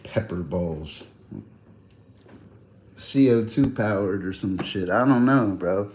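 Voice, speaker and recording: A man's voice: on the low side, animated, slow pace, a little mellow, slight background noise. A man chatting loosely on a livestream, rambling in slang and laughing often. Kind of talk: casual livestream chat.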